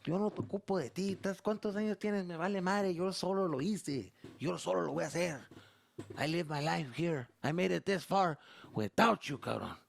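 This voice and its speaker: A man voicing a gruff middle-aged dad who scolds and hollers. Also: high-pitched, brisk, voice pushed up. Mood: yelling.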